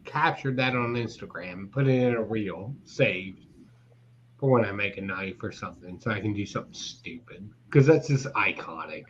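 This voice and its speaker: A man's voice: fairly low pitch, moderate pace, a bit bright. A man hosting a casual online panel chat, full of crude, teasing banter. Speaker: hangout host. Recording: dull lo-fi sound with faint noise.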